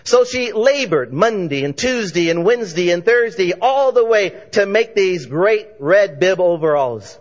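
A man preaching a sermon, telling a story with lively voices for its characters. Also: sits high, a little slow, few pauses, lo-fi sound. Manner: animated storyteller, voicing characters in dialogue.

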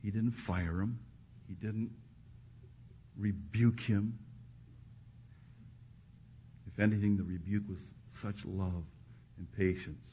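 A male preacher delivering a sermon to a live congregation, dropping to hushed, intimate lines and then rising to loud, emphatic ones. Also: lowish voice, fairly even intonation, unhurried, pauses often. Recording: muffled recording with faint background hiss.

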